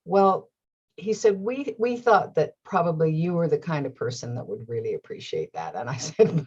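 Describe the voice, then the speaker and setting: A woman's voice: mid-range voice, normal speed, slightly rough, lo-fi sound. A middle-aged woman hosting her own show, telling a personal story with lots of laughter and acted-out inner voices. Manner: animated, laughs often, acts out her own thoughts. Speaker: host. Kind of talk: storytelling monologue.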